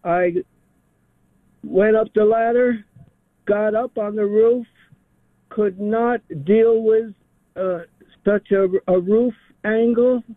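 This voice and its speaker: A man's voice: sits high, steady tone, slow pace, long pauses, dry recording. A man in his seventies calling into a radio show, speaking hesitantly with many fillers. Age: 70s. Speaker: caller. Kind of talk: phoned-in call to radio show. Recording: tinny phone line.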